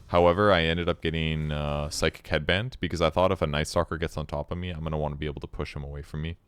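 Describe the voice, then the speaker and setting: A man giving casual replay commentary on his own game, relaxed and self-critical as he explains his choices. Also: rumbling low, fast, clean tone, no room sound.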